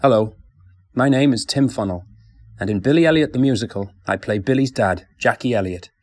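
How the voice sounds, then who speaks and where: A man in his late forties from County Durham with a northeast English accent, giving a plain, steady scripted self-description as a stage actor. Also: mid-range voice, brisk, dry recording, clean studio sound. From County Durham, northeast England. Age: 40s.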